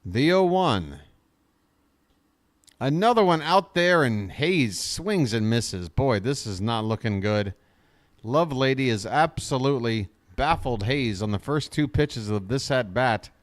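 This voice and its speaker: Man, fan streamer calling baseball live; unhurried, very expressive pitch, talks to his chat. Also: no room sound. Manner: chatty, talks straight to his chat viewers; gets excited on big plays. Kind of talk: live fan play-by-play commentary.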